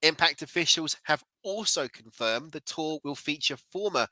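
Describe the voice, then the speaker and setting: A man's voice: fairly high pitch, lively intonation, a little slow, hardly any pauses, sharp tone, dry recording, low-quality recording. A man in his forties hosting a podcast, reading news and chatting in an upbeat, self-deprecating way. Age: 40s. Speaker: podcast host. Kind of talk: casual chat and news reading.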